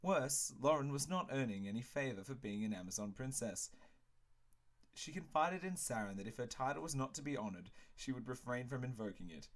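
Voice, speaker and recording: A man hosting a game playthrough, reading the story aloud and chatting casually, playful and excitable. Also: mid-range voice, a little fast. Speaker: let's play host and reader.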